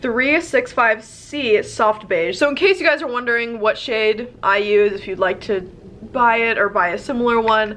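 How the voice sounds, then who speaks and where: A woman's voice: a little high, moderate pace, fairly bright tone, a little hiss or hum. A young woman with a nasal, stuffy voice from a cold, chatting casually and rambling through her makeup routine. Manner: chatty, rambling, self-deprecating. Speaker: beauty vlogger. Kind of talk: casual get-ready-with-me chat.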